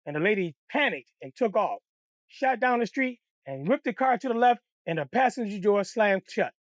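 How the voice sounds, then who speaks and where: A man from Detroit telling a childhood story in a blunt, crude, animated way. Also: sits high, moderate pace, dry recording, studio quality. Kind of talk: comic storytime.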